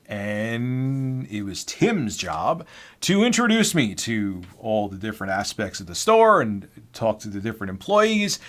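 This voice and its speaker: A man's voice: fairly low pitch, fairly bright tone. A man in his forties casually recounting an old job. His delivery is blunt and sarcastic, and he swears now and then without a second thought. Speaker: YouTube host. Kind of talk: casual storytelling.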